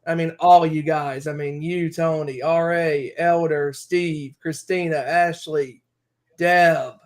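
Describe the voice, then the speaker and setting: A man co-hosting a wrestling podcast, talking in a rambling, heartfelt way full of fillers. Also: a little high. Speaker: podcast co-host. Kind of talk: casual chat.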